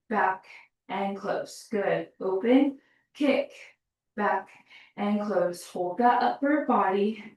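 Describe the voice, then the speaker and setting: A medium-pitched woman with a darkish tone leads pilates, breathing hard as she calls out the remaining reps and motivates the class. The mic is a laptop well across an echoing room.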